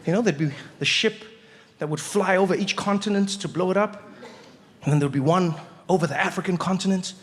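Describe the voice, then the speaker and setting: A man doing stand-up comedy on stage, an animated storyteller who acts out voices. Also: high-pitched, brisk. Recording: live hall reverb, faint noise.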